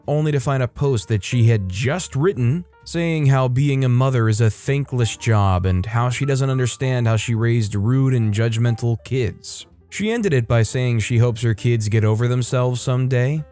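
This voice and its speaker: A man giving scripted narration of online stories in an even, conversational reading. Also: mid-range voice, moderate pace, hardly any pauses. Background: faint background music.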